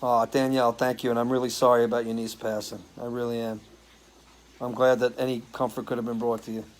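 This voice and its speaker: A man's voice: mid-range voice, level tone, fast, low-quality recording. A man in casual chat reads out viewers' comments and answers them one by one. He talks loosely and easily, like a regular host, with an odd swear word thrown in. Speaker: singer hosting a live stream.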